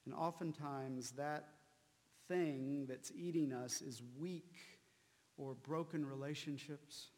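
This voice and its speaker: Slow-preaching man in a reverberant hall. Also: on the high side, steady tone, a little mellow. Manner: slow, deliberate preaching with emphatic repetitions. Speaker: pastor. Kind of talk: sermon.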